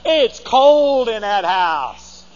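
A pastor preaching a sermon, theatrical and animated, leading the congregation to repeat lines, in a dull recording with long hall reverb. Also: male voice, high-pitched, extremely slow.

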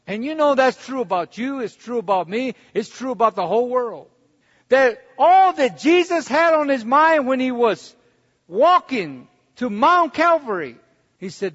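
A man's voice: very high voice, a bit bright. A man preaching a sermon, telling his own story in a conversational way and building to fervent preaching. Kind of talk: sermon with personal testimony. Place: church hall. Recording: dull recording in a reverberant hall.

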